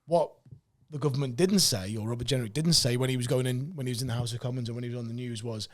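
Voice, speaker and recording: Man, podcast co-host, fast talker, rambling anecdotes, sweary. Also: mid-range voice. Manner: rambling, animated storytelling with frequent swearing and restarts. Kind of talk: casual chat.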